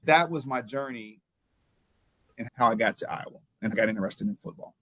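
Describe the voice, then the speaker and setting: A man in his fifties from Ohio, a former pro football player recounting his journey as an interview guest, with animated telling and frequent repeated words. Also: mid-range voice, brisk, dry recording. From Ohio, USA. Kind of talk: interview storytelling.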